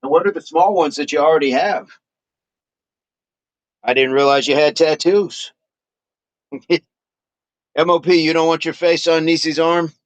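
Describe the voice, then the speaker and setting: A man's voice: fairly high pitch, fairly even intonation, measured pace, pauses often, no echo. A man hosting a casual fitness livestream, chatting playfully with viewers, laughing often and repeating his phrases. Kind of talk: casual livestream chat, reading viewer comments aloud.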